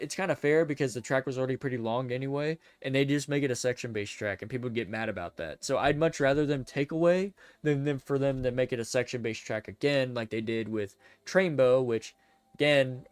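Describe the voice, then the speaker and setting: A medium-pitched man streams and chats casually, his rambling speech full of stammers and mid-sentence self-corrections. The recording is dry, and his manner is excitable and chatty.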